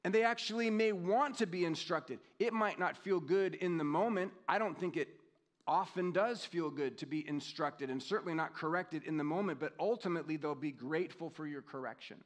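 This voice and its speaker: A man in his fifties delivers a sermon with a somewhat higher-than-usual voice. He talks in a relaxed, conversational way, drawing out scripture readings slowly and reflecting on personal memories. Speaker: pastor.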